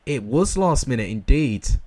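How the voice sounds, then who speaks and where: Breathless, excitable football streamer. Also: male voice, mid-range voice, a little slow. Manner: shouts and laughs at goals, chats with viewers. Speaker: streamer commenting on football games. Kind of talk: excitable live watchalong commentary.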